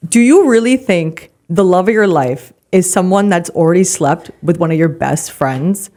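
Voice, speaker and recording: A woman's voice: on the low side, animated, moderate pace, dark tone. A young woman co-hosting a podcast, giving emphatic opinions and confident explanations in casual chat. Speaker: podcast co-host.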